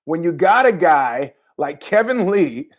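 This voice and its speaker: A man's voice: fairly high pitch, sing-song, slow. A middle-aged man hosting a podcast, telling rambling, jokey stories in a casual monologue with asides. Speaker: podcast host.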